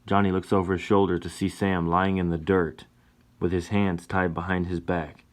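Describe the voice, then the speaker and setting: A man narrating a western story in a deliberate, measured reading. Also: sits low, flat delivery.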